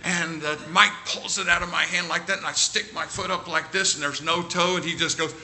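A man telling an animated story with quoted dialogue during a sermon. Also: fairly high pitch, brisk, a little hiss or hum.

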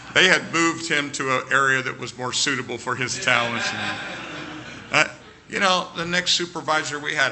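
A man telling an animated story with quoted dialogue during a sermon. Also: medium pitch, gravelly, a little hiss or hum.

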